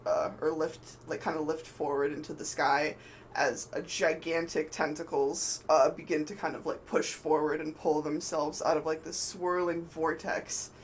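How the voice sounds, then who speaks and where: A man's voice: fairly high pitch, level tone, normal speed, a little hiss or hum, low-quality recording. A man narrating as game master, rambling with many fillers. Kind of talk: narrating a tabletop game on a live stream.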